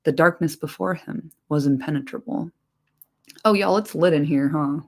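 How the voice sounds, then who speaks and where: A woman reading a fantasy book aloud on a livestream, expressive, with casual and profane chatty asides. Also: low voice, moderate pace.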